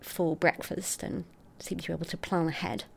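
Middle-aged woman scientist, lowish voice. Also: normal speed, vocal fry, slight background noise. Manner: articulate, expressive storyteller. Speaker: scientist guest. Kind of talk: interview, explaining research.

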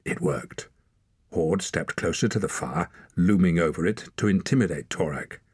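A man narrating an adventure story in a steady, measured audiobook reading. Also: low voice, slightly rough, no room sound, clean studio sound.

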